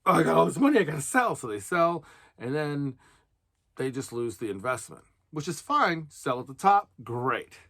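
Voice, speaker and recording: A man vlogging casual financial advice, explaining with lively rises and drops in emphasis. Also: mid-range voice, no echo. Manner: animated, explains with rising and falling emphasis. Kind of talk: casual monologue.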